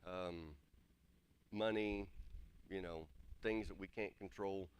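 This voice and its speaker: A man's voice: low-pitched, fairly even intonation, takes it slowly, clean tone. A man giving an earnest, plain-spoken sermon and repeating his points to drive them home. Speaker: preacher. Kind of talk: conversational sermon.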